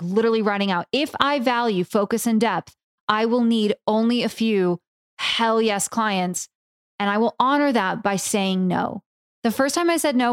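A woman hosting a solo podcast as a business coach. She talks in a casual, animated way, swears freely, fills her talk with "like" and "right?", and jumps up in pitch for emphasis. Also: no echo, studio quality.

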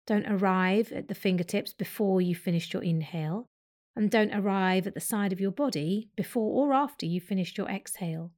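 A woman yoga teacher talking the listener through a slow breathing and movement practice, with gentle, unhurried instructions. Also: medium pitch. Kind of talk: guided breathing meditation.

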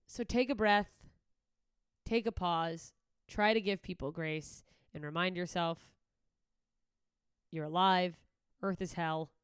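Woman comedian podcasting solo, sweary rambling rant, self-mocking, smooth clear voice, dry close sound. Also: lowish voice, takes it slowly, long pauses, dry recording. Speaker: podcast host and stand-up comedian.

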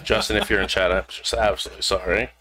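A man narrating as game master in a tabletop role-playing game, relaxed and loose with fillers. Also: sits low, fast, noisy background.

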